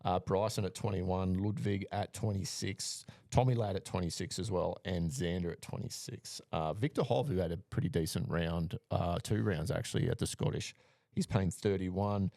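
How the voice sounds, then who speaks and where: A man co-hosting a casual podcast, running through names and betting odds in a relaxed way with frequent fillers. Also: low voice, moderate pace, creaky, no echo, clean studio sound. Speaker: podcast co-host giving betting picks.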